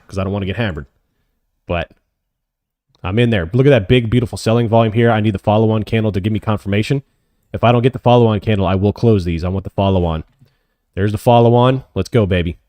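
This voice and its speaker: A man hosting a live options trading stream, calling his trades as they happen and answering chat questions, often excited. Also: lowish voice, no room sound. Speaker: options trading livestream host.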